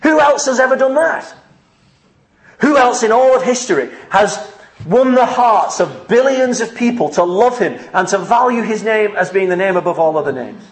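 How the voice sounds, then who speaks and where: A man's voice: high voice, expressive, moderate pace. A man preaching a sermon, pleading earnestly and rising to fervent questions before closing in prayer. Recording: echoey room.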